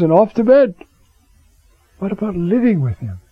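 A man's voice: high-pitched, sing-song, moderate pace, no echo. Man, Bible teacher, chatty, rhetorical questions, dry sound, dull lo-fi recording. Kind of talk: conversational scripture class.

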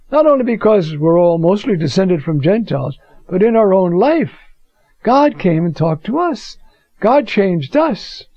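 A man's voice: high-pitched, dark tone, dry recording. Older male preacher, dull lo-fi sound. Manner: conversational, keeps asking "you see?". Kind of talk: bible teaching talk with stories. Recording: dull lo-fi recording.

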